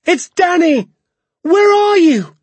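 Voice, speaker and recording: A man's voice: lively intonation, a little fast, breathy edge, no room sound. A man voicing a frightened young boy calling out for his lost father in a storybook reading. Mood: desperate. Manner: pleading, high and strained.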